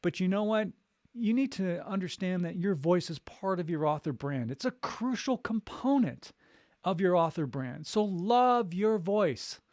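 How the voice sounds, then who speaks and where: A man's voice: sits high, expressive, a little slow, darkish tone, no echo, clean studio sound. A man who works as a voice coach, giving an upbeat, encouraging live talk and repeating his key points. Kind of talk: live motivational chat.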